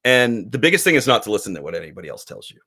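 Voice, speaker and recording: Animated man chatting on a podcast. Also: lowish voice, very fast. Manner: animated, acts out quoted voices. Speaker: podcast co-host, comic publisher. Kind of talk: casual podcast chat.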